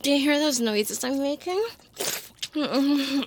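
A woman's voice: sits high, takes it slowly, noisy background. A woman performing a scripted adult audio role-play, sighing often and talking in a wry, self-mocking way into a close microphone.

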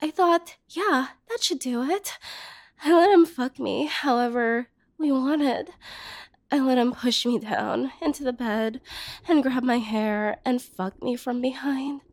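A young woman with a high, slow-paced voice speaks directly to the listener in a role-play monologue. Her tone is hurt and bitter, flaring into anger and sinking into hushed whispers. The sound is dry and close, with no room around it. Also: no room sound. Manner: hurt and bitter, swinging between angry outbursts and soft whispers.

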